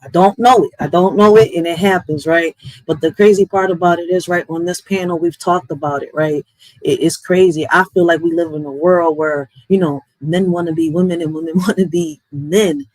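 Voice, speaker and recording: A woman hosting a livestream, venting in a blunt, profane, animated way. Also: fairly low pitch, moderate pace, no room sound, rough recording. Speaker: livestream host. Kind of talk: casual livestream rant.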